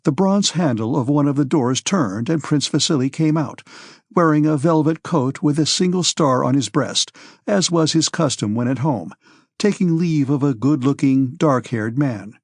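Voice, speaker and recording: A man narrates a classic novel in a measured, steady manner, his voice sitting in an ordinary middle pitch. The recording is close and dry, with no room sound around it. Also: dry recording. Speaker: audiobook narrator. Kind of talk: scripted narration.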